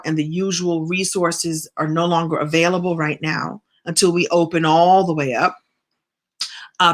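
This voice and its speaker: A middle-aged business and writing coach speaks in a lowish, slightly bright voice. She's hosting a casual live stream, chatting warmly and encouraging viewers as she answers their comments.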